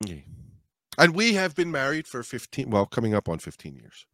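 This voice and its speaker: A man from New York with a New York accent, co-hosting a casual podcast, animated and swearing, repeating his words. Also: mid-range voice, normal speed, no echo, clean studio sound. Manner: animated, profane, repeats himself. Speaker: podcast co-host. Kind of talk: casual chat.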